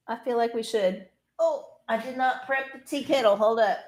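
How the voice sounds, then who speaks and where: A woman's voice: a little high, normal speed, a little mellow. A woman hosting a livestream, chatting casually to her viewers in a profane, ranting way. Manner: talks to viewers directly. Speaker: livestream host.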